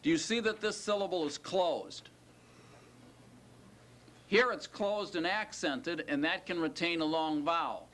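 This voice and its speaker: A man's voice: fairly high pitch, fairly bright tone. A man teaching a class and lecturing, quizzing students and stretching out the key words. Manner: questioning, drawn-out stressed words. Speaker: Hebrew teacher.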